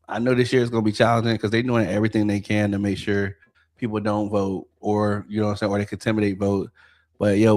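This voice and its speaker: A man co-hosting a casual livestream, blunt and profane, urging his listeners on. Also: on the low side. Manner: blunt, profane, urging, repeats "you know what I'm saying". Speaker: podcast co-host.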